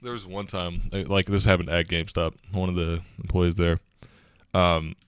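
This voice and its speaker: A man's voice: low voice, level tone, moderate pace, clean tone, no room sound. A young man co-hosting a casual podcast chat, laid-back and laughing often as he tells stories. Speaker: podcast co-host.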